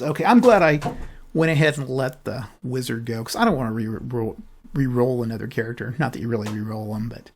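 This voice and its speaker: Slow, gravelly man narrating a board game. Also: fairly high pitch, a little hiss or hum. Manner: unhurried, thinking aloud while rolling dice. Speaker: board game channel host.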